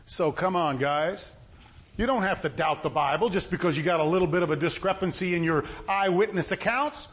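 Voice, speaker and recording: A man's voice: sits high, animated, fairly quick, fairly bright tone, slightly rough. A man preaching a sermon in a folksy style, asking his listeners questions again and again. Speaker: pastor.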